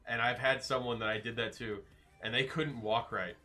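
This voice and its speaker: A young man with a bright, forward voice talks loosely to his stream viewers, rambling from story to joke. Soft music plays faintly behind him. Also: mid-range voice, steady tone, moderate pace. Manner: rambling, joking, reads out chat names. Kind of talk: casual chat with viewers.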